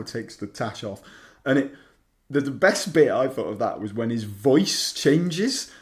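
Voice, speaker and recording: A man's voice: medium pitch, lively intonation, moderate pace. Chatty man. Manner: chatty, acts out quotes in put-on voices. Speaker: podcast co-host. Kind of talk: casual chat.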